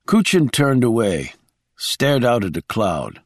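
A man narrating a thriller audiobook in a calm, measured way. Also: mid-range voice, no echo, studio quality.

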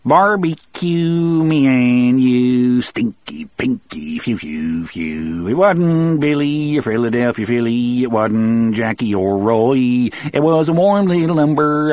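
A man's voice: medium pitch, expressive, takes it slowly, few pauses, no echo, narrow, tinny audio, voice pushed up. A man voicing a manic, taunting young male convict in an audiobook, singing and jeering. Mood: singsong. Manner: singsong, gleeful, jeering.

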